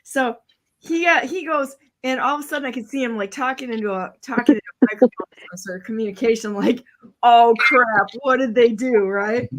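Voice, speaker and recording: A woman hosting a talk show, telling a story in a lively, casual way, laughing often and acting out what other people said. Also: fairly high pitch, fast. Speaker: show host.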